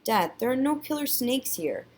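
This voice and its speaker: A woman's voice: high-pitched, sing-song, moderate pace, slight background noise, voice pushed up. A woman doing a homesick, eager young boy.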